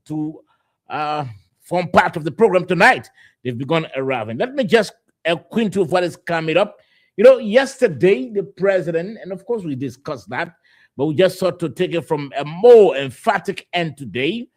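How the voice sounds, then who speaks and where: A man with a Liberian accent hosts a live radio talk show, trailing through his opening with many uhs, you-knows and repeated words. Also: a little high. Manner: loose, filler-heavy delivery with many uhs and repeated words. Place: radio studio.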